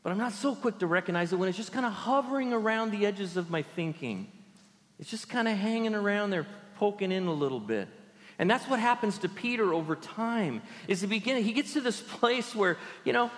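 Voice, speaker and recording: A pastor giving an animated sermon, often acting out the people he quotes. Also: high-pitched, fairly quick, long reverb tail. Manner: animated, acts out quoted voices in character.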